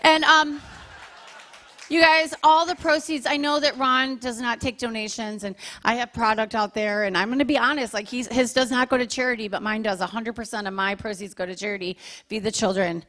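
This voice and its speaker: Female comic in her forties, fairly high voice, chatty stand-up delivery with crowd asides into a handheld mic. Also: fairly even intonation, bright, forceful tone. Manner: chatty, self-deprecating, quick asides to the crowd. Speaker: stand-up comedian. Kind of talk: stand-up comedy set. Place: live comedy show in a church venue.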